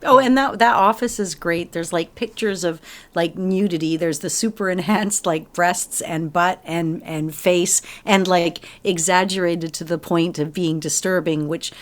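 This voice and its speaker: A woman's voice: lowish voice, a little slow, few pauses. A woman co-hosting a retro game podcast, telling stories with animation and acting out characters' lines. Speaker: podcast co-host. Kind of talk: casual chat reviewing a game.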